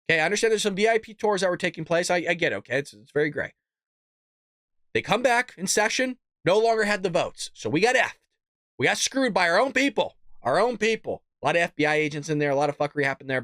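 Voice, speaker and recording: A man hosting a political commentary show, ranting with heated, profane outbursts that swing from loud to muttered asides. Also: extremely high pitch, dry recording, studio quality.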